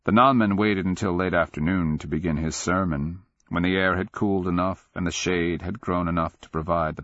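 A man reading a dark fantasy audiobook in a measured, solemn scripted narration. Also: low voice, no room sound, lo-fi sound.

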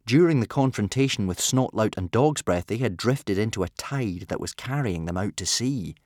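Lively, expressive male storybook narrator. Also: lowish voice, moderate pace, no echo, clean studio sound. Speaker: audiobook narrator.

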